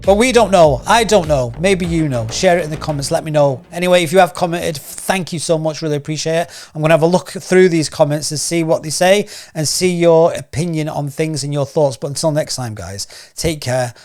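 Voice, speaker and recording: Male commentary host, slightly high voice, rambling, many rhetorical questions. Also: brisk, hardly any pauses, a little mellow. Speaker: news commentary channel host. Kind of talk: casual opinion commentary to camera.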